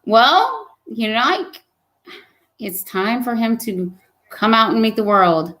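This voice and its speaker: This pregnant young woman has a fairly high, slightly bright, expressive voice and takes her time speaking. She hosts a relaxed live chat, reading comments, teasing viewers playfully, and laughing a lot.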